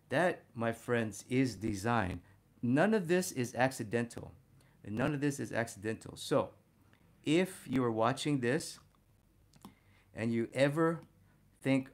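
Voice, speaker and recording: A man teaching figure drawing and talking through a study, energetic and punctuating his points with "boom". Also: unhurried. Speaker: art instructor.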